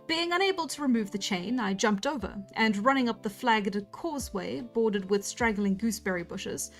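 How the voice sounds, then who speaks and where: A young woman reading a novel aloud on a livestream, stopping now and then to comment on the text and laugh at herself. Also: a little high. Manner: reads plainly, breaks off to comment and laugh at herself. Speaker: book reader on a livestream. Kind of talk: casual storytime read-aloud.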